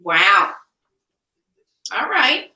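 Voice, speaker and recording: A woman hosting a casual talk show, lively and blunt, joking and swearing casually. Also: mid-range voice, very slow. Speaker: host. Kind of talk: casual chat. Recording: echoey room, distant mic.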